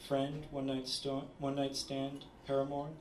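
A man reading his own short story aloud at a literary event, measured with small stumbles. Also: mid-range voice, completely flat delivery, a little mellow, a little hiss or hum. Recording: roomy, distant audience recording.

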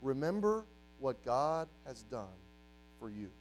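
A man in his forties preaching a sermon as youth pastor, animated, acting out quoted voices and swinging between loud and hushed. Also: medium pitch, takes it slowly, slight background noise, low-quality recording.

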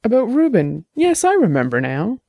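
Reader doing anxious middle-aged clerk type, shaky voice, mellow, dry close sound. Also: medium pitch, huge pitch swings, normal speed, creaky, no echo, pitched above the performer's own voice. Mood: nervous. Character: nervous, sweating middle-aged office man.

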